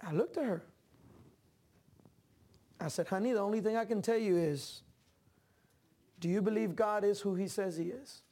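A man preaching a sermon as pastor, talking with the congregation in casual asides and climbing into animated, shouted passages. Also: high-pitched, moderate pace, gravelly, long pauses.

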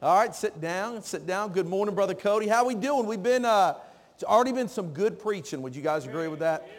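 A man's voice: sits high, animated, brisk. A man preaching a sermon in a church, joking with the congregation and calling out to them. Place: church sanctuary. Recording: long reverb of a church hall.

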